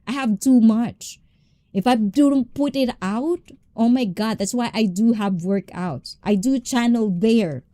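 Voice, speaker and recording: A woman hosting a live stream, chatting with viewers in an animated, passionate way and switching between English and Tagalog. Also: fairly high pitch, unhurried, dry recording. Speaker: livestream host.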